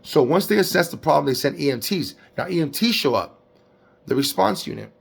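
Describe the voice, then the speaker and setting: Gravelly-voiced man preaching a Bible recap. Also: on the high side, fairly quick. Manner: lively preaching with slang and acted-out quotes. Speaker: Bible teacher. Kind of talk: casual devotional Bible recap.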